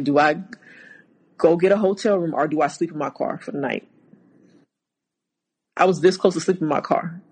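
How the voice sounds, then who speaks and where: A woman, a guest on an interview show, recounting a personal story haltingly, with many restarts. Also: on the low side, husky, low-quality recording.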